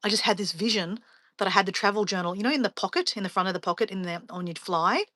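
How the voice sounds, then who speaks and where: Bright, chatty woman live streaming. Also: mid-range voice, quick pace, no echo. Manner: chatty, rambling storyteller, laughs often. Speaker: travel vlogger hosting a live stream. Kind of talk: casual live stream chat.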